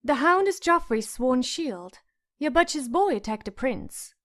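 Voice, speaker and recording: A woman's voice: high voice, lively intonation, unhurried, fairly bright tone. A woman reading an audiobook, voicing a proud young noble girl who talks in a haughty, airy manner.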